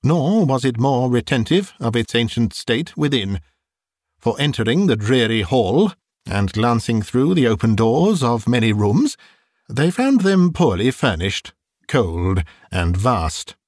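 A male narrator reads a classic novel at a slow, unhurried pace. His pitch rises and falls with lively expression as he shapes each sentence. The recording is dry and close, with no room sound. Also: dry recording. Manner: expressive, measured storytelling. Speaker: audiobook narrator.

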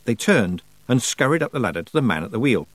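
A man narrating a fantasy audiobook with expressive storytelling. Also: mid-range voice, quick pace, no echo.

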